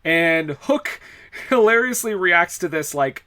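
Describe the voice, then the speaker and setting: A man's voice: high voice, animated, takes it slowly, bright, forceful tone. A man co-hosting a podcast, recapping film scenes in casual chat, laughing often and using lots of fillers. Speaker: podcast co-host. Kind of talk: casual movie-review chat.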